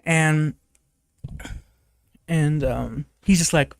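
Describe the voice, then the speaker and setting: A young man reviewing a movie recaps it casually at a measured pace, rambling with lots of fillers and restarts while laughing and swearing now and then. His voice jumps high whenever he quotes a character, and there's no room sound.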